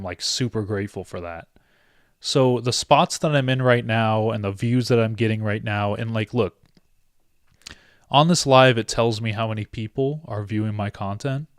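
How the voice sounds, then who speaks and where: A man's voice: mid-range voice, no echo, clean studio sound. A young man hosting a sports live stream, talking earnestly and emotionally to his viewers with many restarts.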